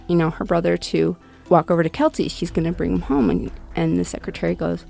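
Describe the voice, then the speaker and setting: Middle-aged woman, interview guest; low gravelly voice, halting retelling, faint music bed. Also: mellow. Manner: halting, restarts often, quotes others in lifted voice. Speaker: interview guest, bereaved mother. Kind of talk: personal account in conversation.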